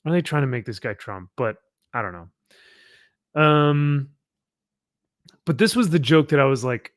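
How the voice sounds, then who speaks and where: A man's voice: mid-range voice, expressive, unhurried, pauses often, dry recording, studio quality. A man hosting a casual chat, rambling as he sums up a comic and laughing along. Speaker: podcast host.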